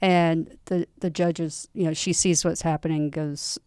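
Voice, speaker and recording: Very clear-voiced chatty woman. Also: on the low side, darkish tone, dry recording, clean studio sound. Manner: chatty, quick to chime in with agreement. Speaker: poll watcher recounting experiences. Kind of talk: casual storytelling chat.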